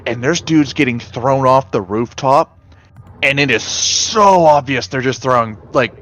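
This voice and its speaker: A man's voice: mid-range voice, a little slow, a bit bright. A man streaming, chatting casually with friends, swearing and acting out movie lines.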